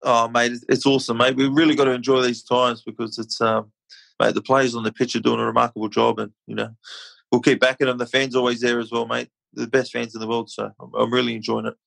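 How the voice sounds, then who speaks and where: A man's voice: mid-range voice, level tone, fast, gravelly, fairly bright tone, dry recording, low-quality recording. An Australian man chatting casually as a podcast guest, laid-back and easygoing. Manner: laid-back, says mate a lot. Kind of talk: casual chat.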